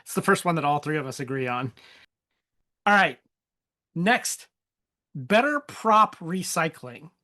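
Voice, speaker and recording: A podcast host asking the questions in a relaxed, casual panel chat, with asides and quoted lines. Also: medium pitch, unhurried, pauses often.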